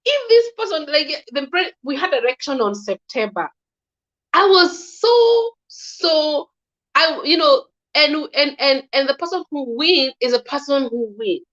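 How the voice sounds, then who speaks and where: Woman, Kenyan accent, fairly high voice, halting with frequent restarts, dull lo-fi recording. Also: expressive, fairly bright tone. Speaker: guest commentator. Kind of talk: casual political opinion talk.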